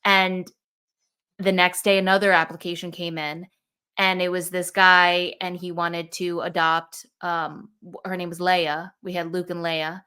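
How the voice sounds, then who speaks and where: A young woman telling a personal story in casual conversation, animated and acting out the thoughts she quotes. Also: lowish voice, measured pace, clear, resonant tone. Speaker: podcast guest.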